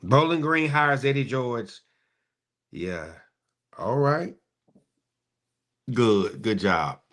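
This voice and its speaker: A middle-aged man, hosting a casual live-stream chat and joking sarcastically with sudden excited high bursts. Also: very slow. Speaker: host.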